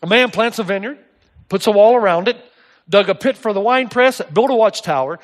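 A male pastor with a notably high voice delivers a sermon. He is middle-aged and tells his anecdotes with animation, dropping into the voices of the people he describes. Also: expressive, brisk.

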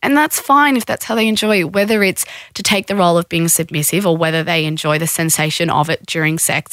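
A woman with a deep, fairly bright voice is a sex educator guesting on a podcast, explaining things in a frank, matter-of-fact way and acting out quick quoted voices. The audio is studio quality with no echo.

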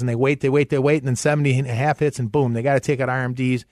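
A man hosting a financial radio show, talking retirement planning and pitching a free consultation in an upbeat way. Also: fairly even intonation, darkish tone, no room sound, studio quality. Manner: upbeat pitch, repeats phone number slowly.

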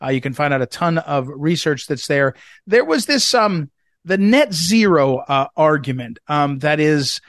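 A man's voice: a little high, animated, measured pace, fairly bright tone, no echo, studio quality. A man hosting a talk radio show, rambling with many fillers and restarts as he interviews a guest.

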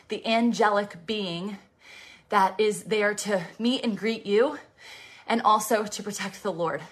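A woman's voice: medium pitch, fairly bright tone. A woman, out of breath as she pedals an exercise bike, preaching with passion and often dropping to a whisper. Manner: passionate, fervent, dips into whispers. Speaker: preacher and fitness host. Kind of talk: devotional preaching while riding an exercise bike.

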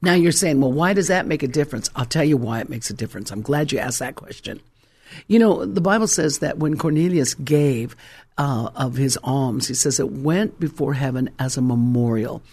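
A middle-aged male pastor preaching a sermon, telling a story with dramatic swings between hushed and loud delivery. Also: mid-range voice, moderate pace, husky.

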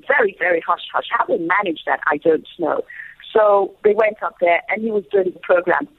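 A woman guest telling a story in an animated way, often repeating words, over a tinny phone line. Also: medium pitch, normal speed, gravelly, slightly rough, dry recording. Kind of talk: lively storytelling on a call.

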